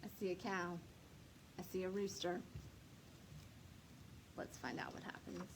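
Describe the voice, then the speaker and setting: A woman librarian reading a picture book aloud to young children, slowly and expressively. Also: lowish voice, noisy background. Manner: slow, lively, expressive, speaks to children. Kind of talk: storytime read-aloud.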